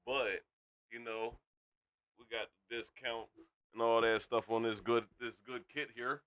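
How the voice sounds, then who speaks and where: A man hosting a casual livestream, loud and hyped, swearing freely as he chats to viewers from a home streaming setup. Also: medium pitch, little pitch movement, unhurried, clear, resonant tone. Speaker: stream host.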